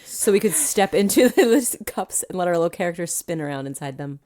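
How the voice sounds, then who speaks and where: A woman's voice: lowish voice, expressive, fairly quick, mellow. A woman co-hosting a podcast in casual chat, enthusiastic and gushing. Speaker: podcast co-host.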